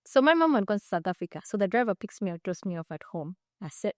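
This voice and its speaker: A young Ugandan woman co-hosting a podcast, telling a story in a casual, animated way and acting out the other people in it. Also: medium pitch, quick pace, no room sound, clean studio sound. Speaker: podcast co-host.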